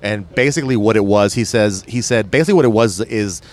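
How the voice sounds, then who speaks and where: Brief: a chatty storyteller with a lowish voice, loose and rambling. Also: male voice, fast talker. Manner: rambling, with many fillers and restarts. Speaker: podcast guest telling an off-road story. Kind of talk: casual storytelling chat.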